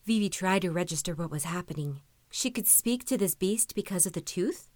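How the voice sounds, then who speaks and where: A woman narrating a story in an even, measured reading voice. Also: on the low side, dry recording, clean studio sound. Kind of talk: audiobook-style story reading.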